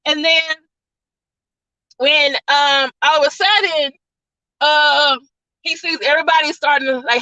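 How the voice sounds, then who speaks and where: A woman's voice: high voice, measured pace, sharp tone, no echo, low-quality recording. A woman reviewer retelling a movie plot in a casual, rambling way, full of "like" and "all of a sudden.". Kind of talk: casual spoiler-filled plot recap.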